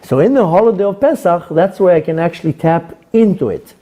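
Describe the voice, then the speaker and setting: Animated high-voiced rabbi giving a class. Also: male voice, a little fast, muffled recording. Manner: animated, acts out dialogues. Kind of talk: Torah class.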